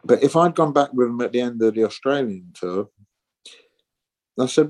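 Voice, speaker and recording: A musician in his sixties, appearing as a guest in a casual interview, tells rambling stories and acts out the voices of people he quotes. His voice is mid-range and a little mellow, moving at a moderate pace with long pauses.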